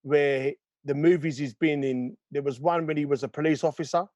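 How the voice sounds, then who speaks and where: A man co-hosting a casual chat, answering thoughtfully with pauses. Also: fairly high pitch, fairly even intonation, darkish tone, dry recording, dull audio. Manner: thoughtful, pausing with ums. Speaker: co-host.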